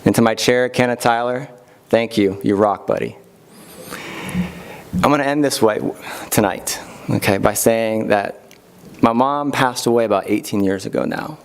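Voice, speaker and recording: A man's voice: mid-range voice, normal speed, gravelly, pauses often. A middle-aged man giving a heartfelt acceptance speech at an awards event. He thanks people one by one, with light asides.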